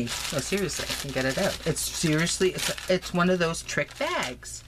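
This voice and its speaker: A woman chatting excitedly through a crafting unboxing, gushing and laughing often in her home craft room. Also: sits low, normal speed. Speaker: crafting vlogger. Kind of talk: casual unboxing chat. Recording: noisy home recording.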